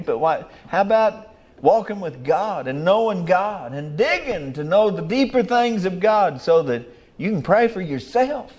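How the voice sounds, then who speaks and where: A man's voice: on the high side, lively intonation, moderate pace, darkish tone. An older man, preaching a sermon in a folksy, rambling way with rural grammar.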